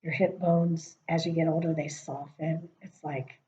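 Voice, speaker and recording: A woman's voice: deep voice, flat delivery, measured pace, dark tone. A middle-aged woman ranting on her vlog in a chatty, profane way, often dropping into muttered asides. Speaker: vlogger. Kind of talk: casual political rant. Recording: dull lo-fi sound.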